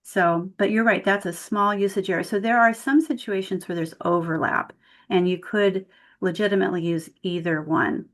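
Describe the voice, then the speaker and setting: A tutor trainer with a medium-pitched, steady voice runs an online workshop at a moderate pace. She explains grammar using spoken example sentences, heard through a video call mic.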